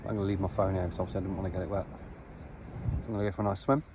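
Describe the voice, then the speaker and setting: A man vlogging casually outdoors at the beach, chatting in a relaxed way and swearing freely as he talks to a handheld phone. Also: low voice, racing, background noise. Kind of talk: casual vlog narration.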